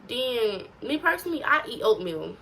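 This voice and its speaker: A woman's voice: fairly high pitch, sing-song, moderate pace, creaky, pushed and bright, slight background noise, low-quality recording. A teenage girl giving casual, profane tips to her viewers in a blunt, slangy way. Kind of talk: casual to-camera advice.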